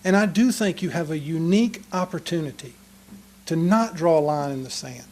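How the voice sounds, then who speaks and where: Passionate man, high voice. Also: normal speed, a little mellow. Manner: passionate, earnest, pleading. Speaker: citizen speaking at a city council meeting. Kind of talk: public comment speech. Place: council chamber.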